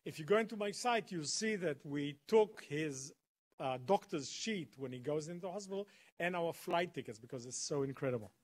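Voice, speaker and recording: A man's voice: fairly high pitch, animated, normal speed. A man giving a storytelling talk to an audience, dramatically acting out the dialogue. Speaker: guest speaker. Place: college lecture hall.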